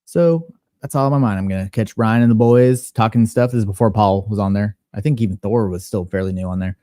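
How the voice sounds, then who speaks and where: A man on a podcast panel telling a personal story in a casual, animated and profane way. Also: fairly low pitch, fairly quick, no room sound, studio quality.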